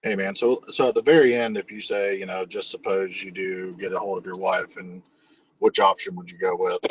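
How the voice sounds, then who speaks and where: A man on a training call asking a practical question in a casual, low-key way. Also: level tone, fairly quick. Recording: distant, dull call audio with faint hiss.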